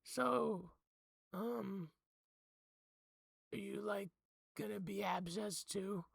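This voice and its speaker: Awkward eager young guy, high-pitched and rambling, put on by a male game master. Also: drawn-out words, creaky, breathy edge, no room sound, studio quality, exaggerated voice. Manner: rambling, unsure, full of fillers.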